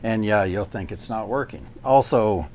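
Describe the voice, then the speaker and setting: Low-voiced man giving drywall sanding tips. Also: animated, normal speed, a little mellow. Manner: practical, step-by-step pointers. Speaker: DIY drywall YouTuber. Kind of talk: casual tool demonstration.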